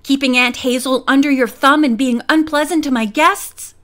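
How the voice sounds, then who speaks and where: Lady reading a fiery young bride-to-be, high voice, all worked up, storybook style. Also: fairly even intonation, normal speed, a bit bright. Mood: indignant. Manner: outraged, emphatic. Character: hot-tempered young bride-to-be.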